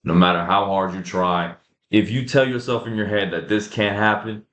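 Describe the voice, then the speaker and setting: A man's voice: lowish voice, fairly even intonation, normal speed, fairly bright tone. Casual, emphatic young man in an echoey room. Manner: casual, repetitive, emphatic, addresses viewers as guys and bro. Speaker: fitness creator. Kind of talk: casual motivational talk over slides.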